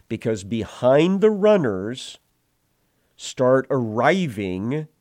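A man preaching an expository sermon, retelling the passage verse by verse in a measured, explanatory way. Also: medium pitch, darkish tone, dry recording, clean studio sound.

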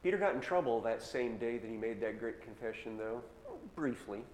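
A man delivers a sermon, retelling an old story in casual everyday words. His mid-pitched voice rings through a big, roomy hall with a long echo. A faint hiss sits under the recording. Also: animated, a little mellow. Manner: retells scripture in casual modern words, slowing for emphasis. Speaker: preacher. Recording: echoey hall with long reverb, faint noise.

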